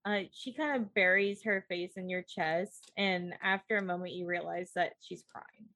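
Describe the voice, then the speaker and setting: A woman's voice: on the low side, normal speed, no echo. A woman casually narrating her character's actions as a player in a tabletop role-playing game. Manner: relaxed, describing actions with fillers.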